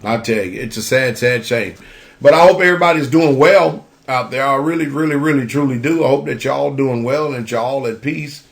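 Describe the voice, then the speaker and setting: A man's voice: mid-range voice, normal speed, gravelly. A man hosting a religious radio talk show, speaking casually and repeating himself for emphasis. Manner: preacherly, repeats phrases for emphasis.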